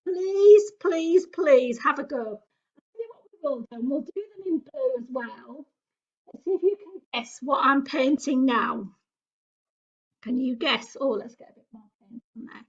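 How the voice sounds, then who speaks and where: A British woman presenting a painting activity for toddlers, her voice high and her delivery unhurried. She chats away with lots of small exclamations and questions aimed at young children. The recording sounds dull and lo-fi. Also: animated. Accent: British English. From England. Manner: chatty, exclamatory, talks straight to small children. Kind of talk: children's craft demonstration.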